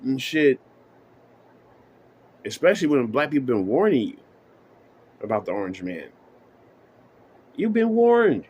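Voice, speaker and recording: A man's voice: mid-range voice, animated, moderate pace, long pauses, a little mellow. A man giving a casual, profane monologue as a vlogger, emphatic and full of "you know what I'm saying.".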